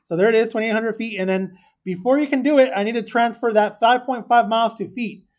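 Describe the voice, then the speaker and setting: A male math teacher with a very high voice moves briskly through a chatty lesson with students in class, recorded for video. He often puts questions to the class and goes off on tangents.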